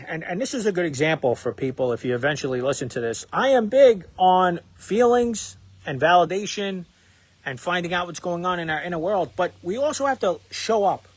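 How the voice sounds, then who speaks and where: A man's voice: high voice, breathy edge, no room sound. A man in his thirties, a dad who makes parenting videos, telling a personal story in a casual, rambling way with lots of fillers and restarts, acting out what people said. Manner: rambling, many fillers and restarts, acts out quoted lines. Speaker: parenting content creator.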